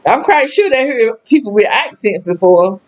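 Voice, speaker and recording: A woman's voice: fairly high pitch, lively intonation, normal speed, darkish tone, poor audio. Sad older Southern woman rambling. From American South. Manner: rambling, emotional, with frequent laughs and exclamations. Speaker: vlogger. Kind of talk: casual personal monologue.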